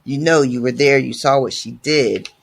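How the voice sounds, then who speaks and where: A man doing a hushed, frightened sick girl. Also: mid-range voice, normal speed, gravelly, husky. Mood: fearful. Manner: hushed, fearful. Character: frightened sick young woman, whispering fears.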